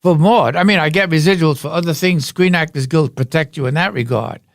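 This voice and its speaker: A man's voice: fairly high pitch, brisk, no echo, studio quality. An older man, a guest on a podcast, telling rambling anecdotes and jokes in a casual way. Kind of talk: casual storytelling. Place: podcast studio.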